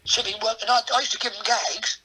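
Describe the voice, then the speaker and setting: A man's voice: high-pitched, fast, sharp tone, husky, poor audio. An older man, a comedian, chatting as a guest and telling rambling anecdotes full of tag questions. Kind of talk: casual anecdotal chat.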